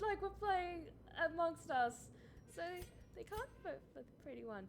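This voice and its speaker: A woman's voice: extremely high pitch, animated, moderate pace, vocal fry, slight background noise. A woman streaming a video game live, giggling often, swearing freely and chatting casually with her viewers. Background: game music.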